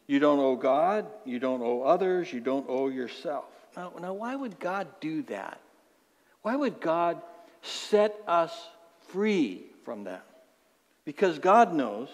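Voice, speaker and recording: Pastor guy preaching, kinda high voice, repeats stuff for emphasis, big echoey church hall. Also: darkish tone. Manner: emphatic, repeats words for stress, acts out inner voices. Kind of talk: sermon. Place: church sanctuary. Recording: long hall reverb.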